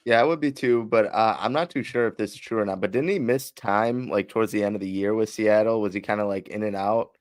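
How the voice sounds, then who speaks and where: Easygoing guy on a sports pod, lower voice, hedges his takes, dry sound. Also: quick pace, hardly any pauses, no room sound. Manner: tentative, easygoing. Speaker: podcast co-host. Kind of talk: casual sports talk.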